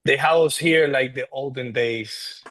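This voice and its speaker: A father who jokes with his family but stays cautious, played by a man. He speaks in a plain, mid-pitched voice with a reassuring tone. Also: slow pace, a bit bright.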